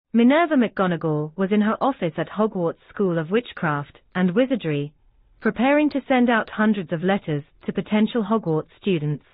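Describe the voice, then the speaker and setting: A woman's voice: mid-range voice, no echo. Tinny, dry woman narrating a story. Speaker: audiobook narrator. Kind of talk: scripted narration. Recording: dry, tinny phone-like sound.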